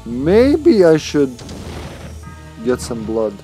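A man's voice: on the high side, wildly swooping pitch, extremely slow, dark tone, faint music behind, low-quality recording. A man casually commenting while he plays a video game live, thinking aloud and greeting his viewers.

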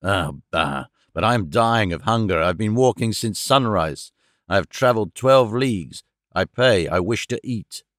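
A man's voice: on the low side, lively intonation, moderate pace, a bit bright, no room sound, clean studio sound, pitched below the performer's own voice. A man voicing a weary, hungry male traveller who speaks plainly and insistently.

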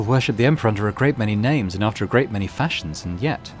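A man with a low voice narrates his game playthrough, reading on-screen text aloud and adding relaxed, mumbled asides. He speaks into a desk microphone while faint game music plays. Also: fast. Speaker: let's play host.

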